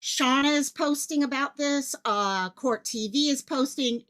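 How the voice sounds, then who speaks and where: A woman hosting a live stream from her home office, talking fast and excitedly and jumping between thoughts as she greets chat viewers. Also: high voice. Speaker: livestream host covering a missing-child case.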